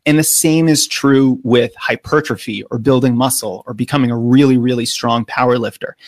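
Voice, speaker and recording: A man's voice: mid-range voice, fairly even intonation, moderate pace, no room sound, clean studio sound. A middle-aged American man, a running coach, explaining training earnestly in a podcast interview with frequent filler words. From United States.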